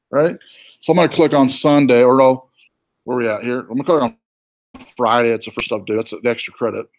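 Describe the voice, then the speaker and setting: Relaxed Southern-accented male instructor. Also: medium pitch. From born in New York, raised in the US South. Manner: relaxed and chatty, with fillers and asides. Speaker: college instructor. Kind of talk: casual screen-share walkthrough.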